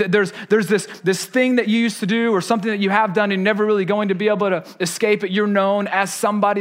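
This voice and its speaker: Casting: male preacher, 30s, higher voice, chatty and self-mocking storyteller. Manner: animated, self-deprecating, conversational. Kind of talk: sermon with personal storytelling.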